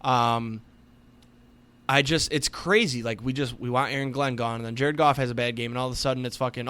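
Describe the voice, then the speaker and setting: A man's voice: medium pitch, moderate pace, fairly bright tone. A young man co-hosting a casual sports podcast, ranting heatedly with lots of swearing. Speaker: podcast co-host.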